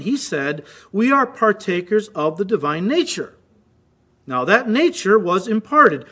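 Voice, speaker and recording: A man's voice: high-pitched, a bit bright. A man preaching a sermon, reading quotations aloud and acting them out with rising intensity. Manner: reads quotes aloud, mimicking voices with rising intensity. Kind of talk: recorded sermon.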